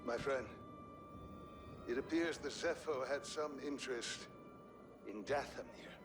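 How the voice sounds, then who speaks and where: A man plays a calm older sci-fi companion from a video game. He speaks in a measured, thoughtful way at an ordinary pitch, with the game's music clearly audible behind his voice. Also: lightly acted.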